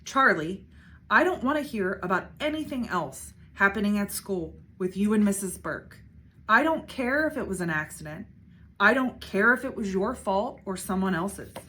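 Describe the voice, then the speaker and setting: A woman voicing a stern, tired father giving a firm, measured lecture in a storybook read-aloud. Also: mid-range voice, animated, bright, forceful tone.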